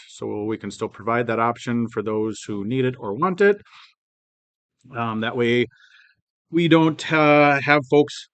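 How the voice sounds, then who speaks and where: A man hosting a staff planning meeting in a hotel room, reading department updates with frequent ums and pauses. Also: mid-range voice, fairly bright tone, dry recording. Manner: halting, reads updates aloud with many ums. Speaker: meeting host. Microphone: phone mic, sometimes held low.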